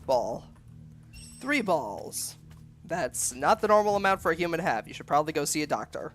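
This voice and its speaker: A casual streamer riffs on the gameplay, cracking jokes and talking straight to the chat. The voice sits at a middling pitch, with faint game music playing underneath. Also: big pitch swings, normal speed, a bit bright. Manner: joking, chatty, talks to chat. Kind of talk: live gameplay commentary.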